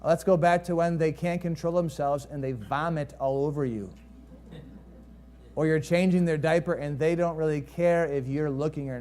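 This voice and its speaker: A man preaching a sermon as pastor, telling a story with rhetorical questions to the congregation and swinging between lively rises and quiet, hushed drops. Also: fairly high pitch.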